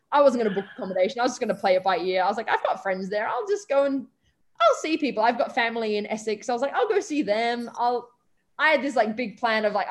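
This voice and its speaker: A young woman with an Australian accent and a fairly high voice tells an anecdote as an interview guest. She talks casually, with plenty of "um" and "like", and acts out the people she quotes. She sounds like a stage performer recounting her own adventures. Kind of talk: casual storytelling.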